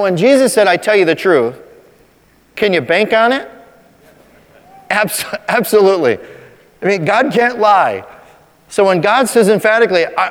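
A man preaching a sermon as a pastor, talking conversationally and slowing down to stress key points. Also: high voice, big-room sound. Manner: conversational preaching, slows for emphasis.

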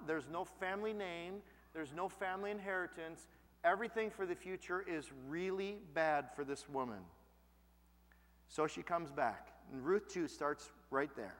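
A man preaching a sermon as a pastor, telling stories in a lively, expressive way. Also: high-pitched, big-room sound. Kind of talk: sermon with personal storytelling.

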